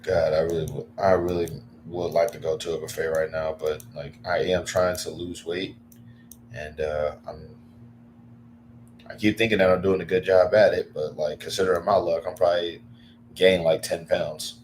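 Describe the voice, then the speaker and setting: Low-voiced male streamer, loose rambling chat full of fillers and sudden excited bursts, faint background noise. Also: normal speed. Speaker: livestreamer. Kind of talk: casual livestream chat.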